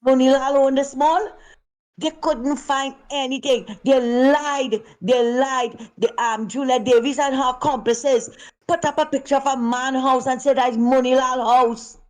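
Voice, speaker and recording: A woman's voice: high voice, fairly even intonation, moderate pace, darkish tone. Indignant woman caller. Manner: indignant, emphatic. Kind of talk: call-in political commentary.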